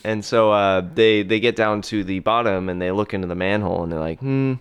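A man with a low, smooth, resonant voice talks through a film plot in casual podcast chat. He pauses on fillers and drops into quick acted-out quotes from the characters. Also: level tone. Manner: retells scenes with acted-out quotes, halting with fillers. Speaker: podcast co-host recapping a film.

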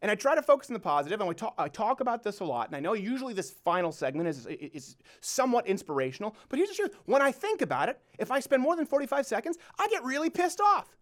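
A man's voice: very high voice, very animated, fast talker, few pauses, a bit bright. A male host delivers a fired-up closing monologue on his own show. His voice swings widely up and down as he presses each point. He keeps circling back to the same rhetorical questions. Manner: emphatic, repeats rhetorical questions.

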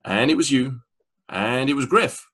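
A man with an English accent hosting a casual interview, animated and quick to laugh as he retells stories. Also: mid-range voice. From England. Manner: animated storyteller, laughs often, acts out quotes. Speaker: podcast host.

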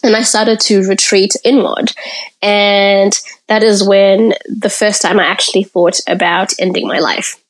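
A woman from Africa speaks as a podcast guest, recounting her story in an open, candid way. Her voice sits at a middle pitch. She talks reflectively and takes pauses to collect her thoughts. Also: little pitch movement. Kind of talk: personal storytelling in an interview.

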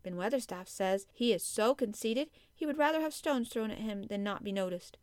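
A woman's voice: medium pitch, animated, moderate pace, no room sound, lightly acted. A woman reading an audiobook, voicing an eager, earnest young girl with a raised voice. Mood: delighted.

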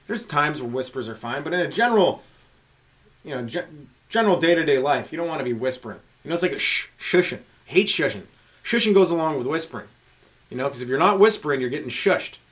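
A man doing a rambling stand-up comedy monologue on his podcast, riffing with frequent asides to the listener and swinging between loud and hushed delivery. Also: a little high, animated, quick pace. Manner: riffing, talks to listener with frequent "right?" and "you know".

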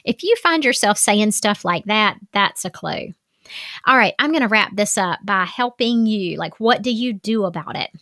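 A woman's voice: medium pitch, expressive, normal speed, a bit bright, no echo. Woman, life coach, casual advice talk, chatty with lots of fillers, close dry sound.

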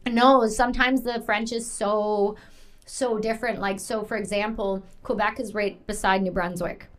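A woman's voice: medium pitch, fairly even intonation, normal speed. A woman from Canada hosting a casual interview, chatty and rambling, with lots of fillers. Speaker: podcast host.

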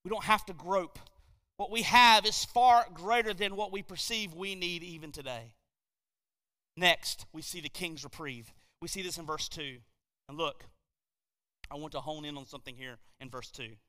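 A male pastor preaching from a podium, his high, very bright voice rising to loud emphasis and then dropping low. The sound rings with a long hall reverb. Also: lively intonation, moderate pace, clear, resonant tone. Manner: preaching with swells from quiet to shouted emphasis. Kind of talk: sermon. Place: church sanctuary at a podium.

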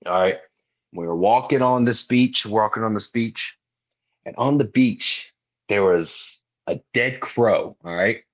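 A lowish, slightly slow male voice belongs to a wrestler in his twenties appearing as a podcast guest. Chatting casually, he tells a story and lively voices the lines of others, captured on muffled lo-fi audio.

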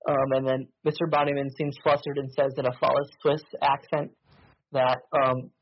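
Husky-voiced man narrating a tabletop game. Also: mid-range voice, little pitch movement, normal speed, dry recording, highs cut off. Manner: rambling, many ums and uhs. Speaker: game master.

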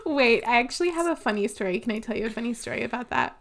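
Co-hosting a casual book podcast, a woman from Louisiana spins stories in a chatty manner packed with "like"s. Her fairly high voice is expressive and creaky, and she talks very fast.

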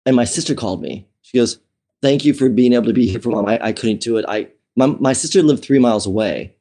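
Man, mellow voice, candid interview guest, halting with fillers. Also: mid-range voice. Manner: candid, emotional, many fillers and restarts. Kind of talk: personal storytelling in conversation.

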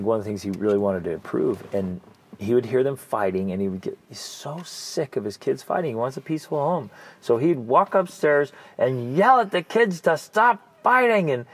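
A man hosting a casual podcast as a family coach, telling stories earnestly and sinking to soft, near-whispered emphasis on key points. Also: mid-range voice, vocal fry, slight background noise.

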